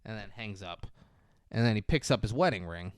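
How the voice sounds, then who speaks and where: A man's voice: lowish voice, animated, brisk, smooth, no echo, studio quality. A man co-hosting a podcast, retelling a movie in casual chat and acting out the characters' lines with plenty of swearing. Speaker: podcast co-host. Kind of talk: casual film recap chat.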